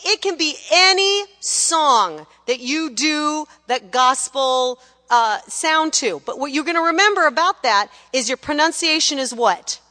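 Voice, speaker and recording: A woman's voice: high-pitched, animated, unhurried, sharp tone, in a large hall. A woman teaching a gospel singing class, coaching students energetically, counting them in and singing phrases to show them. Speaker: vocal teacher.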